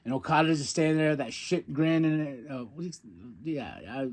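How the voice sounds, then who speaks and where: A man hosting a podcast, recapping a wrestling show in a loose, chatty way. His voice sits a little high, and he gets excitable, acting out quotes and laughing as he goes. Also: normal speed. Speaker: podcast host.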